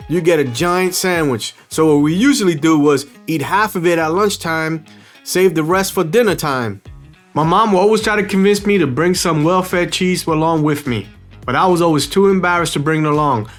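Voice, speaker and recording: Middle-aged New York man, high-voiced, casual and animated storyteller who acts out the people in his story. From the Bronx, New York.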